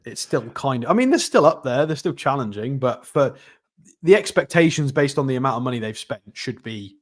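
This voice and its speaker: Man, football co-host, blunt and opinionated, mid pitch. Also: lively intonation, a little fast. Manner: opinionated, plain-spoken. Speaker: podcast co-host. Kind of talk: casual football chat.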